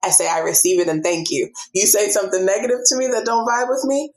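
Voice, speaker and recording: A woman guest on a podcast, an author and speaker, talking earnestly and acting out what she tells herself in lively asides. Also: mid-range voice, quick pace. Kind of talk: casual interview chat.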